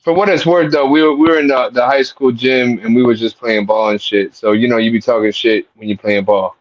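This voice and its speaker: A man's voice: mid-range voice, steady tone, fairly quick, no echo, highs cut off. A man telling a profane, slangy story on a casual podcast.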